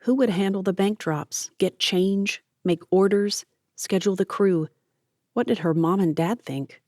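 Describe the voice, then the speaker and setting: A woman narrating an audiobook in a steady, measured reading voice. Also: medium pitch, no room sound, studio quality. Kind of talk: scripted narration.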